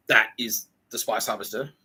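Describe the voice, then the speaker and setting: A man's voice: mid-range voice, pushed and bright, husky, rough recording. A man hosting a podcast, talking in a rambling, profane solo monologue and acting out quotes in voices. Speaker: podcast host.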